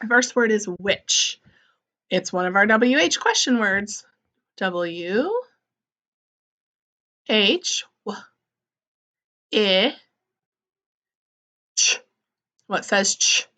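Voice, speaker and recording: Bright-voiced teacher woman, slow spelling. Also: medium pitch, expressive. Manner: slow, sound-by-sound spelling for young children; gently encouraging, asks questions and answers them. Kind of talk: early-grade phonics lesson.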